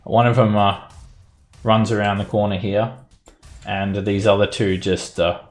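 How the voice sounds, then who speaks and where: A man narrating as game master of a tabletop game, in a relaxed way with many fillers. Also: fairly low pitch, measured pace, faint music behind.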